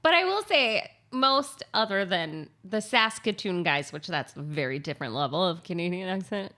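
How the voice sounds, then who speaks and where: A woman's voice: fairly low pitch, expressive, moderate pace, bright, forceful tone. A woman co-hosting a radio show, chatting casually with an amused, easygoing manner. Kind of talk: casual chat.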